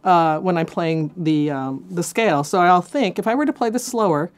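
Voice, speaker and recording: A woman's voice: on the low side, animated, moderate pace. A woman teaching a cello lesson, counting beats aloud and encouraging her students. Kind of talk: instructional lesson. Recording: cello playing behind. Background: faint cello music.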